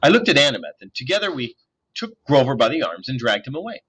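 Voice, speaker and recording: A man reads a novel aloud with lively, animated storytelling, his pitch swinging freely. His voice is bright and a little sharp, with a husky edge. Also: quick pace. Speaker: audiobook reader.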